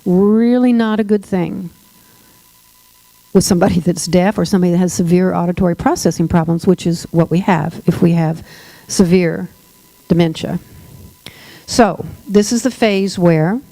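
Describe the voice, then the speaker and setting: A woman leads a workshop on dementia care and talks straight to her audience with lively emphasis. Her voice is warm and mellow. The sound is close and dry. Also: on the low side, moderate pace, dry recording, soft background music, poor audio. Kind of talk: workshop talk to a live audience.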